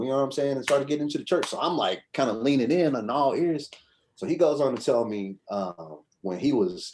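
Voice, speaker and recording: As a guest on a podcast, a man casually tells a rambling story in a medium, darkish voice. He keeps it conversational and often asks his listener "you know what I'm saying."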